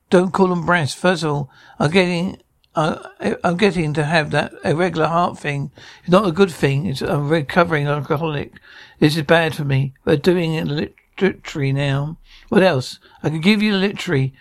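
A man's voice: a little high, gravelly. An actor playing an irritable middle-aged man who squabbles in sitcom dialogue, stammering and restarting. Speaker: sitcom character.

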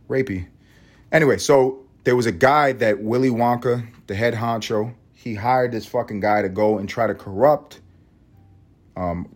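A man hosting a solo podcast, ranting and rambling in a profane, animated way. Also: mid-range voice. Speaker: podcast host.

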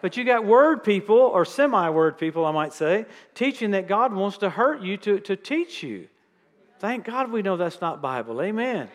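Middle-aged man, guest preacher, high and lively, humorous storytelling sermon, church hall reverb. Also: fairly quick. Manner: lively, jokes with the audience. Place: church sanctuary.

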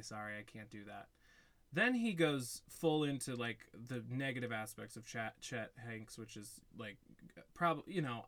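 A young man co-hosts a podcast, chatting casually as he tells a story and acts out quotes. His voice is medium in pitch with a fairly bright tone.

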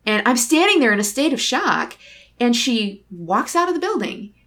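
A woman's voice: on the high side, big pitch swings, normal speed, a bit bright. A woman in casual conversation, telling a personal story in a candid, reflective way and acting out the dialogue. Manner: candid, reflective, acts out dialogue in her stories.

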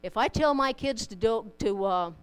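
A woman preaching to her congregation in a clear, resonant voice pitched a little high. She moves between scripture and everyday stories in a plain, chatty way with touches of humor. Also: animated, moderate pace, low-quality recording. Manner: conversational, with homely anecdotes and humor. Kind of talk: sermon. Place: church in front of a congregation.

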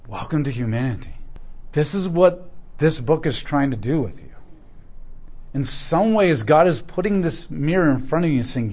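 Slightly high-voiced male preacher. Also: animated, a little fast, a little mellow. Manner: conversational storytelling, with asides to the congregation. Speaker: pastor. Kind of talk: sermon.

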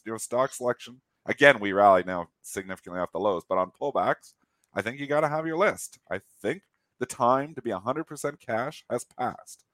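A middle-aged man with a nasal, fairly bright voice on the low side co-hosts a casual stock market show, opinionated as he talks through his trades. The recording is dry.

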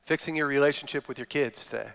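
Guy in his 30s preaching, smooth clear voice, big hall echo, acts out quotes while storytelling. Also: mid-range voice, quick pace, fairly bright tone. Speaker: guest speaker. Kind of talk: sermon. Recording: long hall reverb.

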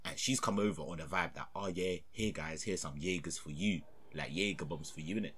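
A man's voice: fairly quick, a little hiss or hum. A young man, casually telling a story and acting out the voices of the people in it. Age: young adult. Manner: animated, acts out voices with big pitch jumps and laughter.

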